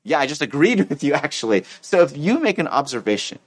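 A man preaching a sermon, playing out angry exchanges in lively voices and laughing between points. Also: fairly high pitch, fast talker. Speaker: pastor. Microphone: miked with sound engineer.

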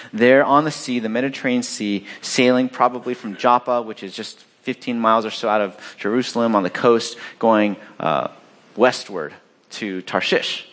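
A man preaching a sermon, reading scripture aloud and explaining it in a conversational way, acting out the characters with sharp jumps in pitch. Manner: animated, acts out the sailors with sharp rises in pitch; conversational, with fillers and restarts. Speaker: pastor.

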